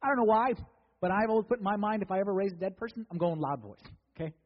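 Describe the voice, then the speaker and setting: A male preacher with a high, husky voice delivers a sermon in a loose, conversational way, slipping into the voices of the people in the story. The sound is dull and lo-fi, and a long reverb trails behind him as in a large church hall. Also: fast talker.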